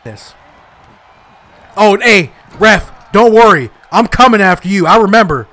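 A young man giving excitable, frustrated live commentary while playing a video game, trash-talking and yelling at the screen. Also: sits high, moderate pace, dry recording. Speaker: gaming YouTuber.

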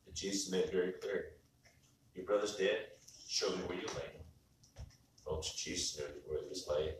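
A man's voice: deep voice, normal speed, a little hiss or hum. A man preaching a sermon as pastor in a conversational style, often restarting his words as he speaks. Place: church sanctuary. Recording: far-off mic in echoey church.

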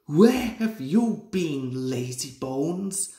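Young guy doing a bossy cross little tank engine, gravelly, kind of echoey. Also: very animated, a little mellow, full character voice. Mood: impatient. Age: 20s. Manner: brisk, higher bossy voice. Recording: roomy echoey room.

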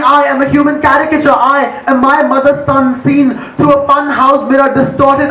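A man's voice: very high voice, fairly bright tone, a little hiss or hum. A man performing spoken word poetry live, intense and declamatory, shifting his pace between lines. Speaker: poet. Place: live poetry event in a venue. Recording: echoey live room recording.

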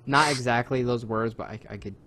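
A young man co-hosting a podcast in casual chat, profane and mocking, jumping into loud high impressions. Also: fairly quick, crowd noise. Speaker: podcast co-host.

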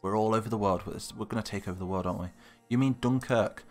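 A man's voice: lowish voice, quick pace, soft background music. A young British man live-streaming, chatting casually and thinking aloud while answering viewers' comments. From Britain.

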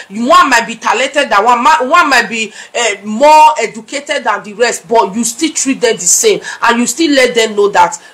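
A middle-aged Nigerian woman blogging to her viewers, her voice sitting a little high. She talks in a chatty, scolding way and drifts between Pidgin and English as she lectures. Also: a bit bright. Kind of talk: casual vlog commentary.

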